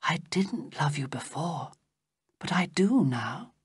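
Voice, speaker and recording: A reader voicing a young princess in love for a storybook reading, speaking softly and half-whispered. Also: mid-range voice, measured pace, slightly rough, no room sound, studio quality, pitched above the performer's own voice. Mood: tender.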